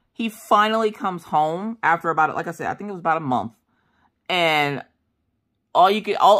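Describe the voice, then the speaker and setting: Brief: low-pitched woman vlogger with an animated, swooping delivery and chatty asides. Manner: animated, acts out voices in quotes; chatty, with many fillers and asides. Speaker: craft vlogger. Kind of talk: casual storytelling chat.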